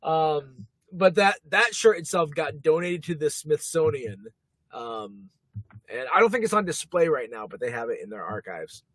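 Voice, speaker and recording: A man co-hosting a podcast in casual chat, laughing often and filling pauses. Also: a little high, lively intonation, a bit bright, no room sound. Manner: chatty, laughs often, many fillers. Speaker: podcast co-host.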